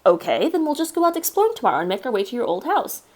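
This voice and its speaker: A woman voicing an excitable, insistent young boy, the narrator's best friend, in a read-aloud story. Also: fairly high pitch, racing, voice pushed up.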